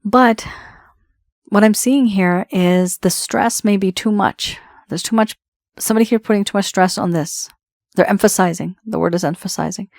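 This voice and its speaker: A woman's voice: medium pitch, normal speed, darkish tone, no echo, studio quality. A woman giving a tarot reading, talking straight to the viewer in a conversational, reassuring way. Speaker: tarot reader.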